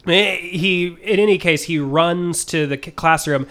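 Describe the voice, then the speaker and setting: A man's voice: sits high, bright, forceful tone. A man co-hosting a casual film podcast, rambling and joking as he retells scenes. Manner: rambling, jokey, retells scenes in quick bursts. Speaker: podcast co-host. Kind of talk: casual film-review chat.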